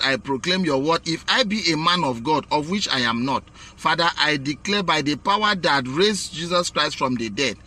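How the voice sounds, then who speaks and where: Guy praying loud, declaring stuff in jesus' name, bright sharp voice. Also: on the high side. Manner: declaring and proclaiming in prayer. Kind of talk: fervent prayer.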